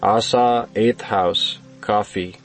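A man giving a measured, solemn devotional scripture reading. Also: on the low side, fairly even intonation, faint music behind, low-quality recording. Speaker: scripture reader.

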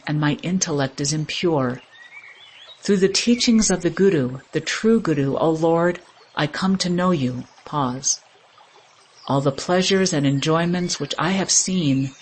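Slow, solemn scripture reader. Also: medium pitch, slight background noise. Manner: measured, solemn recitation. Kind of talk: devotional scripture reading.

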